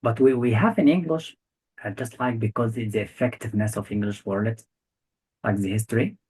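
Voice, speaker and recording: A man with a fairly low, slightly mellow, breathy voice speaks a little fast over poor audio. He tutors a student one-on-one for an English test, drilling grammar with short repeated questions and non-native phrasing.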